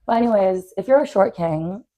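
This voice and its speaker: A young woman co-hosting a casual podcast, her voice sitting at an ordinary middle pitch. She tells stories in an animated, blunt way, with a steady stream of fillers and the odd swear. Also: moderate pace. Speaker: podcast co-host. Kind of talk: casual storytelling chat.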